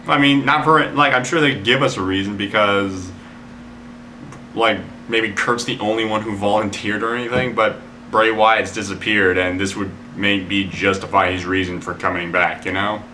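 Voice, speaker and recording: Bright-voiced rambling young-sounding man. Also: on the low side, steady tone, normal speed, a little hiss or hum. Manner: rambling, with many "like" fillers; opinionated, swears in frustration. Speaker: wrestling video blogger. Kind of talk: casual prediction commentary.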